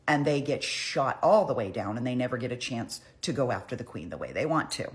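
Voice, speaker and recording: A woman's voice: very deep voice, lively intonation, normal speed, few pauses. A woman telling a history story in a casual, irreverent, profane, chatty way.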